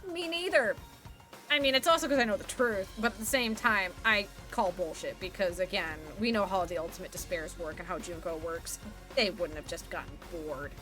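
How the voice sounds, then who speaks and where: A woman's voice: lowish voice, moderate pace, fairly bright tone. A woman streaming a game live, chatting casually with plenty of swearing and reading the characters' lines aloud with gusto. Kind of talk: live let's-play commentary. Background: game music.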